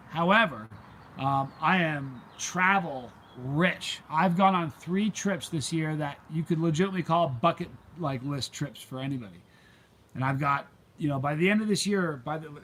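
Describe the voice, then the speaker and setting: A man's voice: fairly high pitch, fairly bright tone, slight background noise. A middle-aged man hosting his channel's live stream, chatting casually with viewers and drifting off into rambling stories. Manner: rambling, easily sidetracked storyteller. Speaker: channel host reading live chat.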